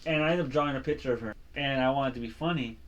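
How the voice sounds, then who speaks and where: A man's voice: mid-range voice, rapid-fire, a bit bright. A man co-hosting a casual podcast, telling rambling stories and laughing often. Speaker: podcast co-host. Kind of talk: casual chat and storytelling.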